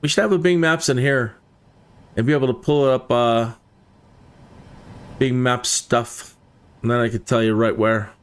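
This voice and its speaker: A man's voice: mid-range voice, steady tone, measured pace, pauses often, smooth. A man giving casual, chatty commentary while flying a flight sim, talking directly to his viewers.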